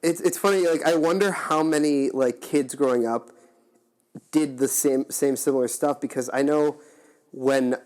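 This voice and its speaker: A man's voice: fairly high pitch, moderate pace, darkish tone. A young man hosting a casual podcast chat, rambling with lots of fillers and restarts. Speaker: podcast host.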